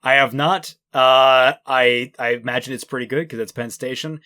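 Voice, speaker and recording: A man's voice: mid-range voice, steady tone, moderate pace, sharp tone, no room sound, clean studio sound. Easygoing man reading questions. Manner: easygoing, reads questions aloud. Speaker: host reading viewer questions. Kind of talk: casual group chat.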